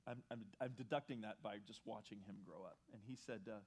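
A man's voice: lowish voice, a little fast, hardly any pauses, husky. A middle-aged man preaching a sermon as pastor, talking casually about his family and then building to emphatic points while leading the congregation in reading scripture aloud. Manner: conversational preaching, rising to emphatic stress, leads congregation in reading.

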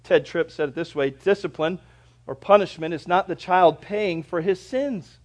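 This is a pastor in middle age giving a sermon. His delivery rises to forceful, loud lines and then sinks to hushed ones, and he lingers slowly over scripture passages.

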